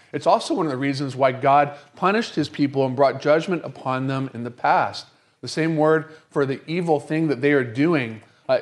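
A middle-aged man, a pastor preaching a sermon, who asks rhetorical questions and slows down to stress key phrases. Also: fairly high pitch.

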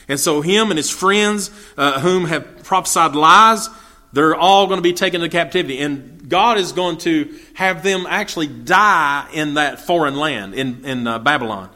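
Man, Bible study teacher, fairly high voice, bright tone, folksy explaining with fillers. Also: moderate pace. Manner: reads old scripture, then explains it in plain, folksy talk with fillers.

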